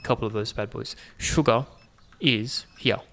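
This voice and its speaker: A man talks his way through a game in a loose, chatty commentary. His voice has a gravelly rasp and sits at an ordinary middle pitch. He keeps throwing playful asides to his viewers. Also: unhurried, fairly bright tone, slight background noise. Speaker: gaming channel host. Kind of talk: casual gameplay commentary.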